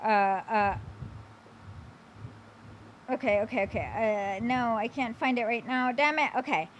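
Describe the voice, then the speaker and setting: A woman's voice: on the high side, a little slow, a little hiss or hum. A woman hosting a casual talk stream who reacts to clips, blunt and rambling with many fillers and the odd swear.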